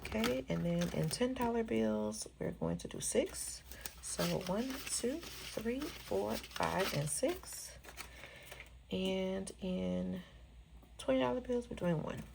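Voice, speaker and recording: A chatty woman, talking casually with viewers while she counts bills aloud. Her mid-pitched voice has a gravelly edge. The recording carries steady background noise. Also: slow. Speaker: budgeting vlogger. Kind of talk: casual cash-stuffing vlog chat.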